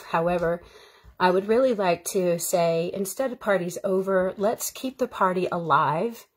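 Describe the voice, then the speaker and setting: Husky woman chatting on a live stream. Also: fairly low pitch. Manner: rambling, heartfelt and chatty, with frequent fillers and bursts of laughter. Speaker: actor hosting a live stream. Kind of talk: casual live-stream chat.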